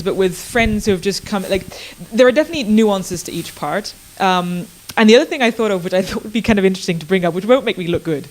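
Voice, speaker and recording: A woman who does improv comedy, speaking as a panelist at a live seminar. She talks in a mid-range voice. She is thoughtful and hesitant, with many fillers and restarts. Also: medium pitch. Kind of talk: panel discussion.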